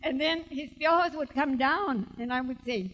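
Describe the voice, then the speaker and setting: A woman's voice: high voice, moderate pace, a bit bright, in a large hall, low-quality recording. A woman author from California telling stories at a book event, switching between English and Spanish and laughing often. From Salinas, California. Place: bookstore event space.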